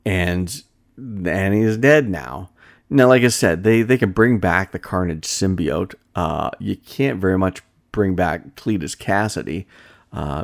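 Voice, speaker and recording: A man with a very low voice talks through a movie review in a loose, unscripted way. He rambles, stops to restart his sentences and leans on fillers as he gathers his thoughts. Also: vocal fry. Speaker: shop-themed movie reviewer. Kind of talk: casual film review monologue.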